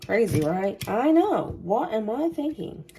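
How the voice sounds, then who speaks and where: In this relaxed cooking vlog, a woman with a Southern accent talks warmly and folksily to viewers as she cooks at home. Her pitch is fairly high, her delivery very animated yet unhurried, and slight background noise can be heard.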